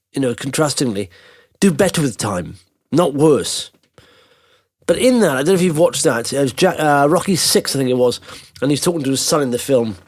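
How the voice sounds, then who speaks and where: A man hosting a podcast, giving an emphatic casual monologue with rhetorical questions. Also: medium pitch. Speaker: podcast host.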